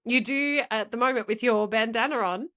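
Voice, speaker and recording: A woman's voice: a little high, normal speed, a bit bright. A woman co-hosting a podcast, telling a story in a rambling, chatty way and laughing often. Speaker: podcast co-host. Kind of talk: casual podcast chat.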